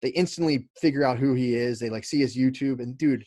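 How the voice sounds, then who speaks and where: A man's voice: mid-range voice, brisk, warm tone, no room sound. A man telling a long story as a podcast guest, rambling with lots of fillers, restarts and swearing. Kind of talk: casual storytelling chat.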